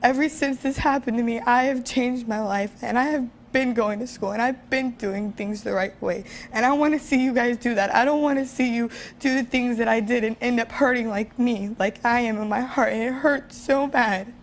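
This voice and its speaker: Young woman guest, earnest and emotional, a bit high voiced, faint hum behind. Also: steady tone, moderate pace, few pauses. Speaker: guest sharing her story. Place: TV studio.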